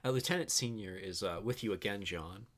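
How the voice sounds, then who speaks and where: A man with a low, bright voice runs a tabletop role-play game. He narrates loosely, leaning on casual fillers. His tone stays easygoing. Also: brisk. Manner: casual, fillers like "you know". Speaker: game master.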